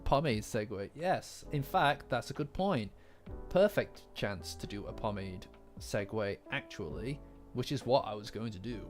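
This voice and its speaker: A man's voice: lowish voice, lively intonation, unhurried, faint music behind. A man streaming a casual chat, rambling and joking at his own expense. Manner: rambling, self-mocking, joking.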